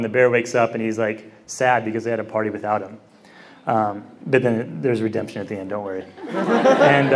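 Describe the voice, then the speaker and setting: A man in his thirties giving a casual teaching talk at a prayer meeting, chatty and joking as he tells family stories. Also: mid-range voice. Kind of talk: casual storytelling then teaching.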